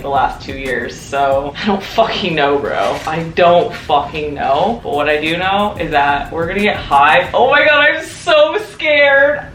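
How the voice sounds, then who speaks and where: Nervous rambling young vlogger, bright voice. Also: mid-range voice. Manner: nervous, rambling, swears a lot. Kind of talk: casual vlog monologue. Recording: roomy echo, faint music.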